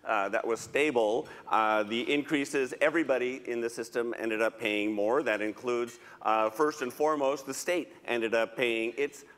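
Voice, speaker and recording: A man's voice: medium pitch, normal speed, few pauses. Man explaining on a panel, echoing hall. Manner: steady explaining with frequent uhs. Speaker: panelist, teachers' union leader. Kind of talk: answering a panel question. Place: conference hall. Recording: reverberant hall.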